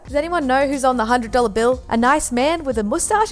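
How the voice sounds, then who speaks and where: A young Australian woman with a fairly high voice talks casually and exclaims often, joking about herself. Light music plays faintly behind her. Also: fairly quick, few pauses. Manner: chatty, self-mocking, exclamatory. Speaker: YouTuber taking a quiz. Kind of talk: casual video commentary. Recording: played from a video with music behind.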